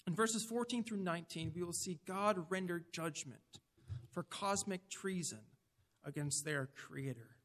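High-voiced preacher in a reverberant hall. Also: male voice, unhurried, a bit bright. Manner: earnest, emphatic, asks the listeners direct questions. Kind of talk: sermon.

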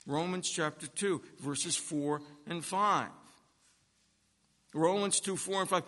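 Bright, slow-preaching man in a reverberant hall. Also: on the high side. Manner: slow, emphatic preaching with long pauses and swells in loudness. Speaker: pastor. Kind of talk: sermon.

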